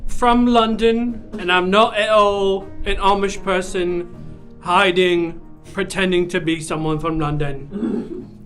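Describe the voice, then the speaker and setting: A man playing an evasive ex-Amish young man who poses as a Londoner in a comic courtroom improv, with a high voice and soft music under it. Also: fairly even intonation, takes it slowly. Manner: evasive and rambling. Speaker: improv defendant.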